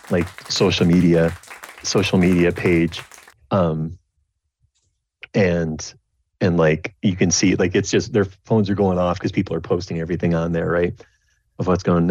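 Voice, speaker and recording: Deep, husky rambling game master. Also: male voice, darkish tone, no echo. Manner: rambling, full of restarts and fillers. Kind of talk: narrating a tabletop game.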